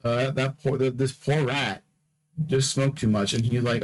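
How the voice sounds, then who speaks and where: Steady and a little slow, this man's mid-range voice comes through a low-quality recording as he hosts a podcast. His monologue rambles casually; he's sleepy, yawning between topics, and keeps stammering and repeating himself.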